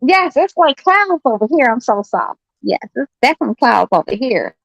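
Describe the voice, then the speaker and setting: A woman in a casual group chat, animated and slangy, talking over the others. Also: high voice, normal speed, gravelly, muffled recording, background noise. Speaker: chat participant.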